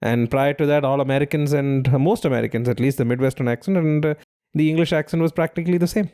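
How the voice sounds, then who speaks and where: A man's voice: fairly high pitch, fast talker, mellow, clean tone. A man co-hosting a quiz podcast, giving clues and explaining trivia at length in casual chat.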